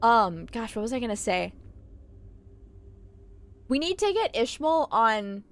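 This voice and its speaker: Animated swearing woman game streamer. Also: fairly high pitch, takes it slowly. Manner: animated, swearing, reacting as she plays. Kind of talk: live let's-play commentary. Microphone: desk microphone.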